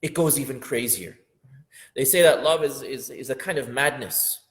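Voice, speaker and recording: A man teaching a lesson on a classical poem, earnest, repeating phrases for emphasis and rising sharply in pitch when he acts out the inner voice. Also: expressive, normal speed. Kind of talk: lecture explaining classical poetry.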